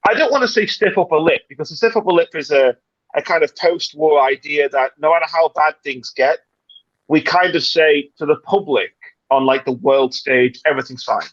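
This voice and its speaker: Animated British man on a muffled stream. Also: fairly high pitch, moderate pace, no echo. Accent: British English. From Britain. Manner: animated, dramatic and rambling, with many restarts. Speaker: livestream panelist. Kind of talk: casual chat.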